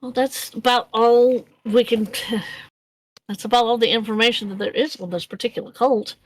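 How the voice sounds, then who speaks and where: A woman voicing a wry, deadpan female researcher in a tabletop game. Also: on the high side, normal speed, close to an everyday voice, rough recording.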